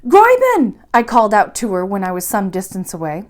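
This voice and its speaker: A woman reading a bedtime story aloud, narrating in an expressive, measured way. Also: medium pitch. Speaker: library storyteller.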